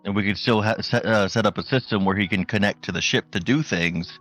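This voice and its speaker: A man playing a tabletop game, thinking out loud with fillers. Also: fairly low pitch, fairly quick, soft background music. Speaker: player. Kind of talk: casual chat at a tabletop game.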